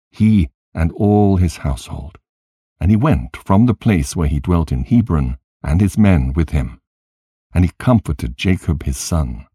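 Man reading old scripture, slow and solemn, dry close sound. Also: rumbling low, dark tone, breathy edge, dry recording. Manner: solemn, measured reading in archaic wording. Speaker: narrator.

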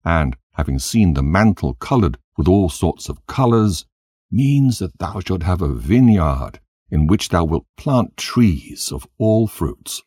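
A man's voice: low-pitched, very animated, slow, darkish tone, no echo, clean studio sound, full character voice. A man doing a cunning, greedy old-time trickster. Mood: insistent. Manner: smooth-talking, insistent. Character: cunning, greedy male dream interpreter.

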